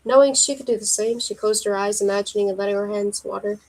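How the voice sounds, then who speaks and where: A woman reading her own romance story aloud in a steady, even voice. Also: mid-range voice, quick pace, low-quality recording.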